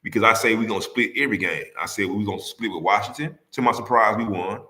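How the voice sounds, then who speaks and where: A man's voice: fairly low pitch, fast, sharp tone, echoey room. A man hosting a casual sports talk livestream, arguing heatedly with rival fans, repeating himself and firing rhetorical questions at the audience.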